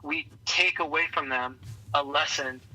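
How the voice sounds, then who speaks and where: Bright, husky-voiced man telling stories. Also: on the high side, unhurried, poor audio. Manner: energetic storyteller who acts out quoted voices. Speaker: podcast guest, leadership coach. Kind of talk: conversational interview.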